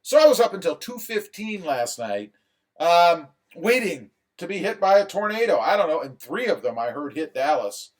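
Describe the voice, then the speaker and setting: A man hosting a casual live stream, reading viewer comments aloud and chatting back in an animated way. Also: on the high side, moderate pace. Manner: animated, rising when excited.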